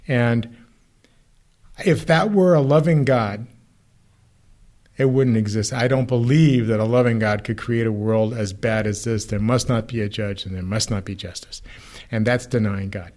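A man, a rabbi co-hosting a podcast, explaining ideas in a relaxed conversational way and acting out quoted lines with lively shifts. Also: unhurried. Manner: animated, acts out quoted voices with rising pitch. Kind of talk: casual theological conversation.

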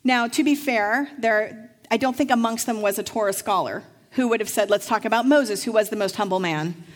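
A middle-aged woman pastor delivering a sermon, telling a lively personal story and acting out the voices of the people in it. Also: fairly high pitch, normal speed. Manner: storytelling, acts out voices in anecdotes.

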